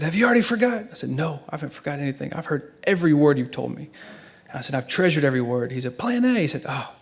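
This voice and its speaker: In a fairly high, gravelly voice, a middle-aged son offers an emotional church eulogy. He tells stories with earnestness, his volume swinging from hushed to loud.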